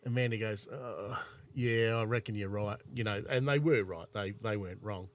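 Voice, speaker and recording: Laid-back Aussie bloke telling stories. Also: male voice, fairly low pitch, normal speed. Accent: Australian. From South Australia. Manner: rambling anecdotal storyteller, laid-back. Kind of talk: casual chat.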